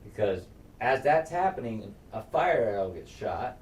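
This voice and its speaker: A man's voice: fairly low pitch, a little slow, slight background noise. A man co-hosting a casual recap podcast, swearing a lot as he acts out the scenes. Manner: profane and animated, acting out scenes. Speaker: podcast co-host. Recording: echoey room, distant mic.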